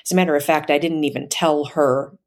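A woman telling a personal story in a casual, hesitant way, with many fillers and soft laughs. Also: low voice, steady tone, fairly quick.

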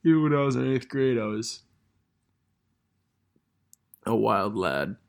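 A man's voice: medium pitch, expressive, measured pace, gravelly. A young man hosting a casual podcast, rambling and self-deprecating as he reads old messages aloud. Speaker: podcast host.

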